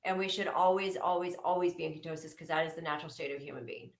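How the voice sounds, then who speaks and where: A woman's voice: low voice, racing. Earnest woman in an echoey room. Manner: earnest, hesitant, many ums and restarts. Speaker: nurse, interview guest. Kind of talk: casual interview chat.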